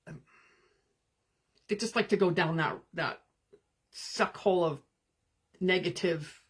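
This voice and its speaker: A woman hosting a live stream as a spiritual coach, speaking in calm, gentle, meditative guidance with pauses and answering viewer comments. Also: lowish voice, slightly rough.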